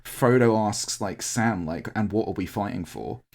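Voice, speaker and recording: A creaky, darkish, lowish male voice at a moderate pace belongs to a podcast co-host recounting a live-action roleplay event. Tearing up, he rambles through a long, heartfelt tale with many fillers and restarts in casual conversation.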